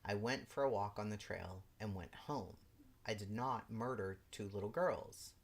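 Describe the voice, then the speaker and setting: A woman's voice: extremely low pitch, unhurried. A woman hosting a live stream, reading a legal brief aloud and breaking off into exasperated, disbelieving remarks. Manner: exasperated, incredulous asides. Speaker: livestream host.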